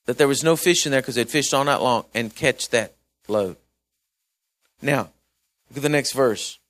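A man preaching a chatty Bible-study sermon, swinging between loud and hushed. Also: fairly high pitch, moderate pace, no room sound.

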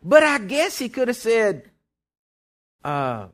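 A male pastor preaching a sermon, animated, with loud bursts, folksy joking asides and call-and-response questions to the congregation. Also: very high voice, takes it slowly, long pauses.

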